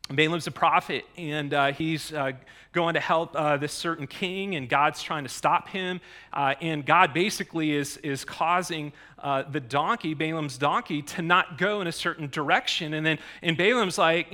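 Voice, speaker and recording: Animated bright-voiced male preacher. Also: fairly high pitch. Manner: conversational, animated, self-interrupting with asides. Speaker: pastor. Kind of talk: sermon.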